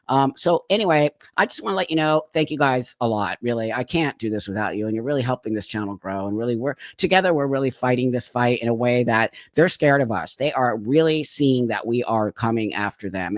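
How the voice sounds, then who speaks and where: A man's voice: mid-range voice, no echo, studio quality. A man hosting his own channel, talking casually to viewers in a fired-up, rambling way with many restarts. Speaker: channel host. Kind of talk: casual commentary vlog. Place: Los Angeles.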